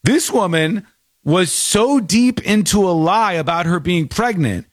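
This podcast host has a high, unhurried voice captured in clean studio sound with no room echo. He tells stories animatedly in casual talk-show chat, acting out the people he quotes.

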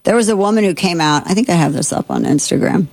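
A woman host with a lowish voice runs through the day's stories in casual commentary. She is chatty and digressive and often restarts her sentences. The sound is dry and close. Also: expressive, fast talker, creaky, darkish tone, no room sound. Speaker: show host.

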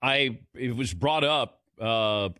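A man's voice: mid-range voice, takes it slowly, pushed and bright, no room sound, clean studio sound. A man hosting a sports radio show, talking casually and taking callers. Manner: chatty, conversational.

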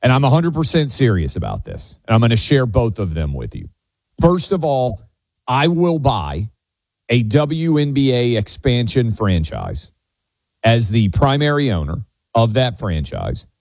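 A man's voice: mid-range voice, very animated, normal speed, darkish tone, dry recording, studio quality. A man from Tennessee hosting a talk radio show, blunt and declarative. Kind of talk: opinionated talk radio commentary.

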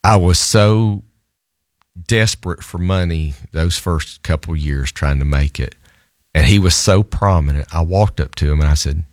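A male lawyer telling a story in an animated, self-amused way, laughing often as he talks. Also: low-pitched, measured pace, dry recording, studio quality.

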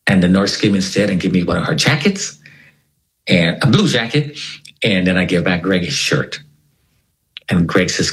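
A man's voice: low-pitched, animated, normal speed, pauses often, low-quality recording. A man, an interview guest, recounting a personal story and animatedly acting out the dialogue.

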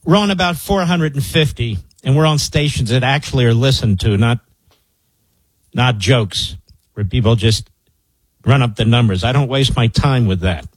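A man's voice: mid-range voice, normal speed, slightly rough, dry recording, poor audio. A man hosting a talk radio show, telling a story in an emphatic, boastful manner.

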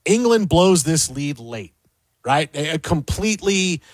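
A male sports talk host argues his takes with emphasis and a joking edge. His voice sits high for a man. The sound is close and dry. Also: expressive, measured pace, no echo. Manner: emphatic, opinionated, jokey.

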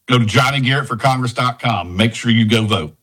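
A man running for Congress, a radio show guest making an earnest, urgent get-out-the-vote pitch. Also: brisk, a bit bright, rough recording. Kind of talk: campaign pitch on a call-in.

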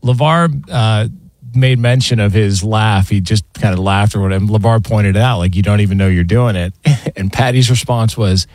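Sports radio host, dry close sound. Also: male voice, on the low side, moderate pace, a little mellow, no echo. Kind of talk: casual chat and read ad.

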